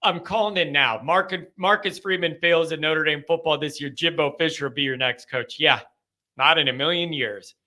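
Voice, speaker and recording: A man's voice: fairly high pitch, normal speed, pushed and bright. A man hosting a live call-in sports talk show, talking bluntly and ranting heatedly. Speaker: show host.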